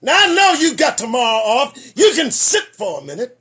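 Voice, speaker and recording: Husky guy losing his voice, ranting on his podcast, high voice that jumps all over. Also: wildly swooping pitch, moderate pace. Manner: preachy and emphatic, swings between loud declarations and muttered asides. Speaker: podcast host. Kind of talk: casual commentary monologue.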